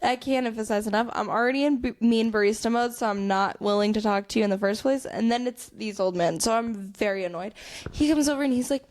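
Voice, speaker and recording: Animated, sarcastic young woman storyteller. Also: a little high, fast. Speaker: podcast co-host. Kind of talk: casual chat.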